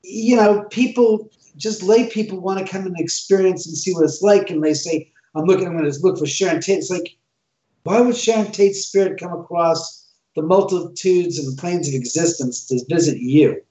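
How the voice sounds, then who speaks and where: A man with a somewhat high voice tells stories in a casual podcast chat. He acts out every line of dialogue. The recording is roomy and a little dull. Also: moderate pace. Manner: animated, acts out quoted dialogue. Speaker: guest, owner of a reputedly haunted house.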